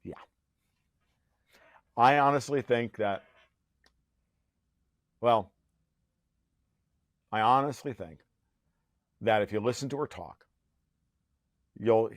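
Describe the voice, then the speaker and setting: A man's voice: on the low side, takes it slowly, long pauses, dry recording, studio quality. A man who is a podcast guest, talking in a heated conversational rant. He is profane and sarcastic, and he often restarts his sentences.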